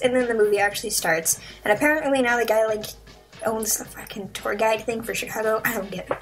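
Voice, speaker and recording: A young woman giving a casual, profane movie review, rambling and sarcastic, acting out the characters in quick voices. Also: mid-range voice, fairly bright tone, faint music behind, rough recording.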